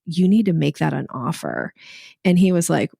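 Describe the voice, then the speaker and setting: A middle-aged woman, guesting on a podcast, tells a story in casual chat, laughing often and acting out what people said. Her voice is low-pitched, creaky, and husky, at a moderate pace, in a clean studio recording with no room sound.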